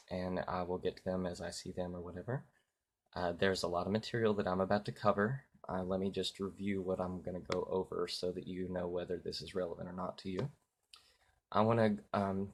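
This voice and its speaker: A man giving a political rant on a live stream, halting and full of fillers at first, then loud and heated with swearing. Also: deep voice. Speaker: political vlogger.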